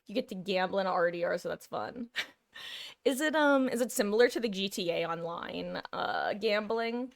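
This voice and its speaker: A woman's voice: medium pitch, normal speed, vocal fry, no room sound, studio quality. A woman streaming a game live, chatting casually, answering her chat and laughing often. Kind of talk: casual chat while gaming.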